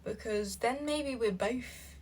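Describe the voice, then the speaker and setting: A young woman hosting a reaction video, chatting casually and reading posts aloud in a brash, sassy, foul-mouthed way with quick bursts. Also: fairly high pitch, a little mellow, slight background noise.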